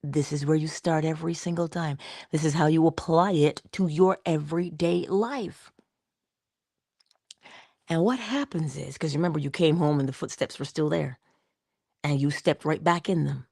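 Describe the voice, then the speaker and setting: A woman giving a conversational motivational talk, coaching her listener and dropping into soft whispers for emphasis. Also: low voice, moderate pace, gravelly, dry recording, studio quality. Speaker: inspirational speaker.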